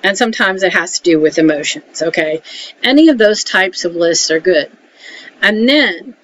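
A woman talking casually to camera, giving frank advice and often checking in with a quick "okay?". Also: lowish voice, lively intonation, a bit bright. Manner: chatty, keeps checking in with "okay?"; frank, mildly salty. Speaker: emotional support vlogger. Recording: dull lo-fi audio with faint hiss.

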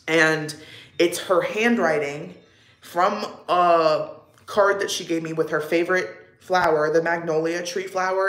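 A woman's voice: low-pitched, fairly bright tone. A young woman chatting casually on a get-ready-with-me livestream, rambling with lots of fillers and answering her chat. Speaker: livestream vlogger. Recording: echoey room.

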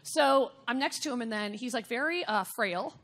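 Animated gossipy woman comedian in her fifties. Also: on the high side, moderate pace. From United States. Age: 50s. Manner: animated, gossipy storytelling with blunt asides. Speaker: comedian guest. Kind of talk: candid anecdote in an interview.

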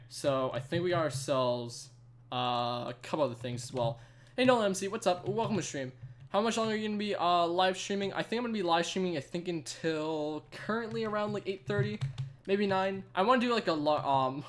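Young dude out of breath, chatty game streamer, keeps saying like, kinda high voice. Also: male voice, slight background noise. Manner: rambling, chatty, says "like" a lot. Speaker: gaming live streamer. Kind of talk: casual live stream chat.

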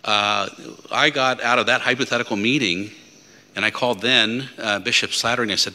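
A man's voice: lowish voice, normal speed, bright, forceful tone. A man preaching as a deacon at a Lenten mission, talking conversationally with asides and hypothetical stories. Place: church. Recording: long church reverb.

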